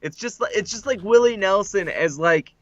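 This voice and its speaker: A man co-hosting a podcast, chatting casually and breaking into joke impressions. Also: sits high. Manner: animated, quick to joke and do impressions. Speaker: podcast co-host. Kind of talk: casual chat. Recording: dry, dull lo-fi sound.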